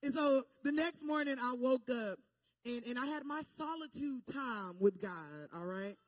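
A young woman telling a personal testimony as a sermon, talking straight to her listeners and building to loud, fervent preaching. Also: high-pitched, measured pace, no room sound, clean studio sound. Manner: animated, repeats "okay?" and "y'all" to the listeners.

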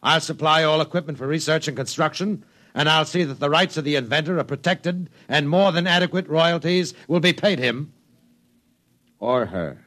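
An actor playing a domineering, ruthless business tycoon in a 1950s radio drama, giving curt, clipped orders. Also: male voice, a little high, normal speed, fairly bright tone. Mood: imperious.

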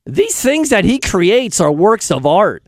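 An excitable radio host man with a high, lively voice that swings all over. He talks in a self-deprecating way, dry and close to the mic. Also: slow, no room sound. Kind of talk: casual radio chat.

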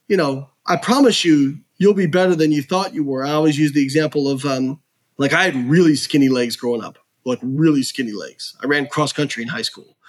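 A man being interviewed on a podcast who tells stories and explains research in an animated, earnest way, filling his talk with "like" and "you know.". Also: a little high. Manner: earnest, frank. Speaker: podcast guest. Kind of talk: casual storytelling and explaining research.

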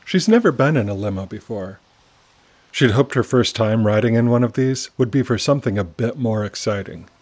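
A man narrating a children's adventure story in a calm, measured reading. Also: mid-range voice.

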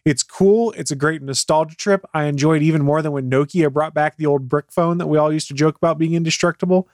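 A man with a somewhat high voice talks gadgets on a podcast and gives his opinion in an animated, chatty way. His voice is close and dry, with no room sound. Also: quick pace, no room sound. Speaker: tech podcast co-host. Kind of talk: casual podcast chat.

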